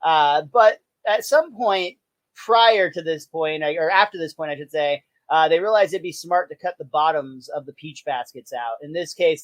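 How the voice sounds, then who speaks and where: A podcast host recapping a cartoon episode in a relaxed, chatty way, laughing often. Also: mid-range voice, no echo. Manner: relaxed, lots of uh fillers, laughs easily. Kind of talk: casual episode recap chat.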